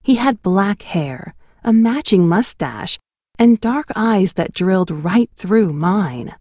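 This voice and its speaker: A woman narrating her memoir in an expressive, storytelling cadence on a close studio mic. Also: medium pitch, slow pace, no room sound.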